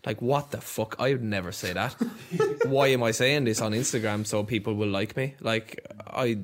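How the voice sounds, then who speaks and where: A man's voice: lowish voice, normal speed. A man on a podcast, talking bluntly in casual chat, ranting and swearing freely.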